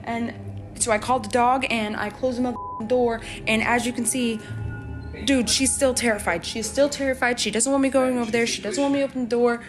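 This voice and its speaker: A frightened woman in her own bedroom, talking shakily into a phone camera and repeating herself as she comforts her toddler. Her voice sits a little higher than most women's, and music plays loudly over the clip. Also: fairly even intonation, brisk. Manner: shaky, repeating herself, scared. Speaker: mother filming at home. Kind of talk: frightened home video. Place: home bedroom.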